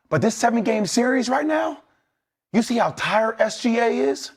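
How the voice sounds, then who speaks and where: A man's voice: extremely high pitch, expressive, moderate pace, husky. A man, a former player, giving blunt, rallying talk as a guest on a sports debate show. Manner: blunt, rallying, streetwise slang.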